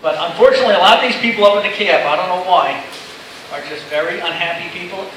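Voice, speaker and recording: A man's voice: high voice, quick pace. Joking man in an echoey seminar room. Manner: chatty, joking, rambling storyteller. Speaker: seminar speaker. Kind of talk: informal safety talk to pilots. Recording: echoey room from far off, noisy.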